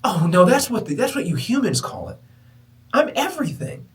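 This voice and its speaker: A man voicing the universe as a sweet, innocent, childlike spirit that speaks slowly and gently. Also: sits high, sing-song, recorded from a distance, pitched above the performer's own voice. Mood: playful.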